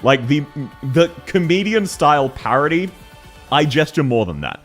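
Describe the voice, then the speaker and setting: Male streamer, excitable, laughs a lot, jumpy pitch, faint music behind. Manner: talks fast and loud when excited. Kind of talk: casual livestream chat.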